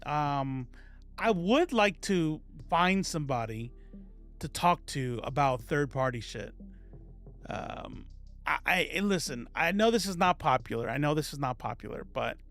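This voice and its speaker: A fairly high-voiced man talking casually on a live stream about politics, sarcastic and rambling as he answers viewer comments. Faint music plays quietly under his voice. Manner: sarcastic, rambling, reads chat aloud.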